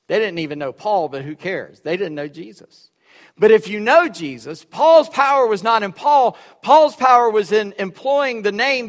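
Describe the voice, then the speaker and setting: A male pastor preaching a sermon, swinging between loud emphatic lines and quiet, joking asides. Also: sits high. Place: church sanctuary. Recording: echoey hall with long reverb.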